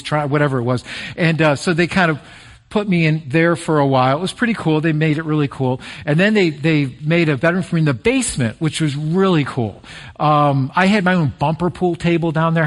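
A middle-aged male pastor preaching a sermon in a folksy, personal way, telling stories and slowing down to stress key phrases. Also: fairly high pitch. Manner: folksy and personal, prays then tells stories.

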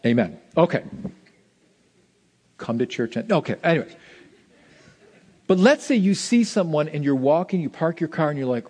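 Animated preacher man, fairly high voice. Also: moderate pace, pauses often. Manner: animated, swinging between loud emphasis and soft asides. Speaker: pastor. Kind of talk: sermon.

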